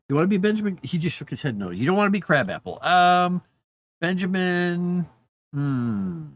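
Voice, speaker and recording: A man streaming from his desk while he writes, chatting casually and trailing off into thought. His pitch moves around a lot, lifting and dropping from phrase to phrase. Now and then he turns to soothe and coax his dog. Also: sing-song, moderate pace. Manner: talks softly to his dog between musings. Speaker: author streaming live writing. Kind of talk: casual live-stream chat.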